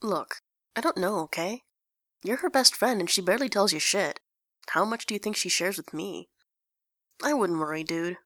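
A woman's voice: medium pitch, moderate pace, long pauses, a bit bright, no echo, clean studio sound, close to an everyday voice. A woman voicing a brash, cheeky teenage boy who swears bluntly. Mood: muttering.

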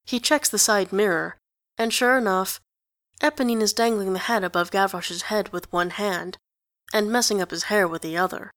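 A woman narrating a story in an even, conversational reading. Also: medium pitch, moderate pace, no echo, clean studio sound. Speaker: reader. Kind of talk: audiobook narration of fan fiction.

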